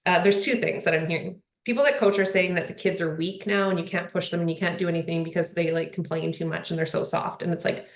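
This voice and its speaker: A woman's voice: fairly low pitch, steady tone, fast talker, hardly any pauses. Earnest rambling woman in a roomy hall. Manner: earnest, rambling, many fillers like "like" and "you know". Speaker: panel speaker. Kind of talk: casual panel conversation. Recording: roomy echo.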